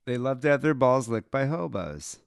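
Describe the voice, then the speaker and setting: A man's voice: mid-range voice, animated, normal speed, vocal fry, clear, resonant tone, dry recording, studio quality. A man co-hosting a podcast, crude and teasing in casual comedic banter. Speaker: podcast co-host.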